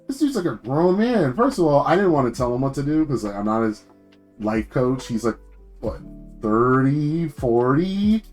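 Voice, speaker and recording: A young man streaming, ranting casually about work, animated and swearing, jumping high in pitch when indignant. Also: normal speed, soft background music.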